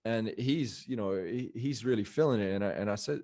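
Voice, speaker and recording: Man, low-pitched voice, rambling casual podcast talk, lots of filler words. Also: fairly quick, dark tone. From Australia. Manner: rambling, heavy on fillers like "you know" and "bro".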